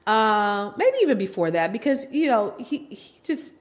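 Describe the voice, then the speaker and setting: At a normal pace and mid-range pitch, a middle-aged podcast guest candidly recounts her own story. She brings it to life by acting out the words of her family members.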